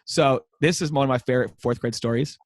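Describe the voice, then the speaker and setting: An American man, a high school teacher, telling classroom stories in a casual interview and acting out the kids' voices. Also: quick pace, no echo. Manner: animated storyteller, acts out kids chanting. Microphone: wearing a mic.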